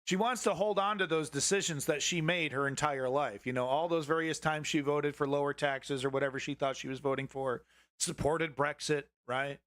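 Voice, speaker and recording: In a dry, studio-quality recording, a young male host of a live political news stream addresses his chat in a blunt, profane, confrontational manner. His pitch is fairly high and his tone steady and fairly bright, at a moderate pace.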